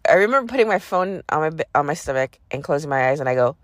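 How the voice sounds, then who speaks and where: A woman's voice: low-pitched, fast talker, no room sound, studio quality. A woman hosting a podcast, casually telling a personal story in a profane, sarcastic way. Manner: profane, sarcastic, animated retelling. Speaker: podcast host.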